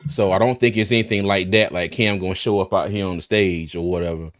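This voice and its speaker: A man's voice: low voice, fairly even intonation, quick pace. A man hosting a casual livestream, laughing often and talking in loose, restarting bursts. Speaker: host of a live draft-night stream.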